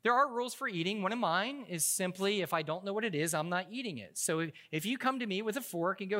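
High-pitched, bright, and forceful, this male pastor's voice is expressive and fairly quick, with hardly any pauses. He tells joke-filled stories conversationally during his sermon, frequently stumbling and starting sentences over.

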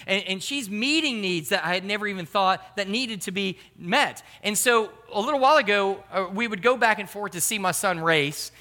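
A man's voice: sits high, bright, forceful tone. A middle-aged man, a pastor, giving an earnest, emphatic sermon.

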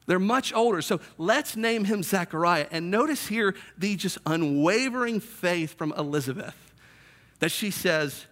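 A man's voice: a little high, lively intonation, normal speed, a bit bright. A man in his thirties preaching a sermon in a conversational way, acting out the voices he quotes. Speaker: pastor.

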